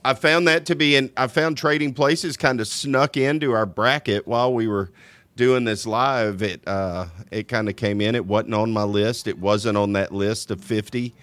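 A man's voice: medium pitch, steady tone, normal speed, fairly bright tone, no echo. A man with a Louisiana accent co-hosting a live podcast, chatting loosely and often restarting sentences. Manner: rambling, restarts and chuckles. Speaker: podcast co-host. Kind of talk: live casual podcast chat.

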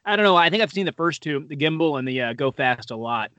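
A man's voice: on the high side, expressive, quick pace, pushed and bright, no echo, highs cut off. A man co-hosting a podcast in casual, rambling chat, full of fillers and self-deprecating asides. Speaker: podcast co-host.

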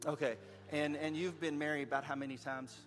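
A man's voice: fairly high pitch, level tone, brisk. A man narrating a story aloud and directing children in a skit, playful and encouraging, laughing often, speaking into a handheld microphone. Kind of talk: live narration with stage directions. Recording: long hall reverb, faint music.

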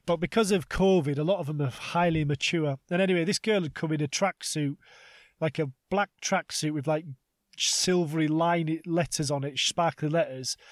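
A man in his thirties co-hosting a comedy podcast, telling animated stories and swearing freely. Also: fairly high pitch, moderate pace, dry recording, studio quality. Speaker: podcast co-host. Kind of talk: casual comedic chat.

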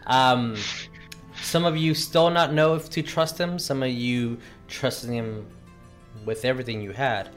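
A man narrating as game master, recapping a tabletop game session in a slow, halting way with many pauses. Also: mid-range voice, fairly even intonation, soft background music.

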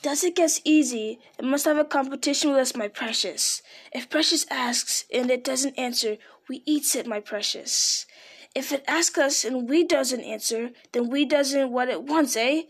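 A woman's voice: high-pitched, moderate pace, slightly rough. A woman voicing a small, slimy male creature who hisses and whispers to himself. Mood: wheedling. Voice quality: hissing whisper.

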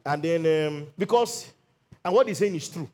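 A man's voice: on the high side, animated, normal speed, dark tone. A middle-aged Nigerian man preaching a sermon as lead pastor, leading the congregation in call-and-response declarations.

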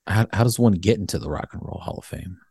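A man co-hosting a casual podcast chat, tossing in quick joking asides. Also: lowish voice, warm tone, breathy edge, no room sound, studio quality. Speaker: podcast co-host.

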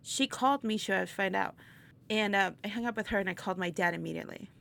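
Gravelly-voiced woman telling a lively story. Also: mid-range voice, fast. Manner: animated, laughs often, acts out quotes. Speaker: interview guest, burlesque performer. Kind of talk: casual storytelling chat.

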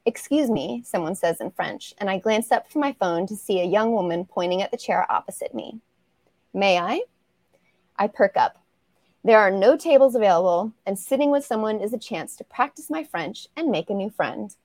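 Woman author on a video call, reading her own book aloud. Casual, laughs easily, dry close sound, mid-range pitch. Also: lively intonation, moderate pace, a little mellow, no echo. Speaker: romance author, guest.

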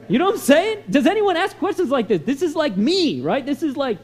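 A man preaching a sermon in a conversational, storytelling way, sliding from soft asides to loud, emphatic lines. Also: very high voice, very animated, fairly quick, few pauses. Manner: conversational storytelling with many "you know" and "right?" asides. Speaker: pastor.

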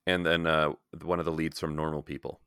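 A male podcast host with a very low pitch and a bright, forceful tone, recorded dry and close. He chats casually about films, opinionated and loose, with frequent "like" fillers. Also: flat delivery, brisk, clean tone, dry recording. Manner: chatty, opinionated, many "like" fillers. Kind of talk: casual film-review chat.

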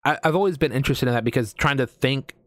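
A man's voice: medium pitch, fast talker, no room sound. American man, casual podcast host, rambling and profane, dry close-miked sound. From United States. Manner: rambling, swearing, many fillers and restarts. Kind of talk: casual chat.

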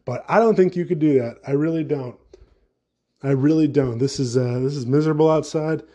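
Mellow-voiced man ranting on a podcast. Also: fairly high pitch, a little fast. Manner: rambling, profane, sarcastic. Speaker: podcast host. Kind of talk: casual solo podcast rant.

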